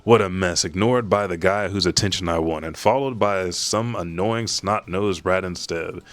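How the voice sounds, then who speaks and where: A man's voice: low-pitched, normal speed, fairly bright tone. A man reading the lines of a brash, boastful male pirate captain from a manga, scoffing.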